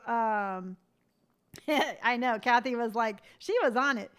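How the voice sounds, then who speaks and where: A woman in her fifties with a fairly high voice talks straight to her livestream viewers. She sounds earnest and animated, slipping into other people's voices to act out their remarks. Her encouragement comes with a firm, tough-love edge. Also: slow pace, clear, resonant tone. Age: 50s. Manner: tough-love pep talk. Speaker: livestream host. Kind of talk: motivational livestream chat.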